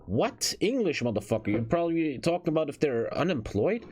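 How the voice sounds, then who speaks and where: A man's voice: on the high side, lively intonation, moderate pace, darkish tone, slight background noise. Profane, ranting male streamer. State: phlegmy chest, throat clearing. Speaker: streamer reacting to a video. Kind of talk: casual reaction commentary.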